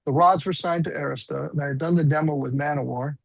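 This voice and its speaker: A man's voice: on the high side, fairly even intonation, fast, vocal fry, no room sound, poor audio. A man in his sixties, a guest musician, telling rambling, self-deprecating stories in a casual interview.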